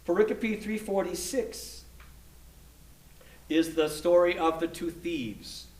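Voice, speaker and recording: A man lectures on scripture in a slow, halting way, restarting his thoughts and pausing to ask "okay?". His voice sits a little high for a man. He is recorded from a distance in an echoey room. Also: a little mellow. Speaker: Bible study instructor.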